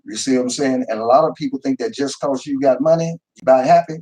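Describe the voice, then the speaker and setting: An older man talking in a relaxed, storytelling way, often repeating words as he goes. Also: medium pitch, fast talker, rough recording. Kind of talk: casual discussion.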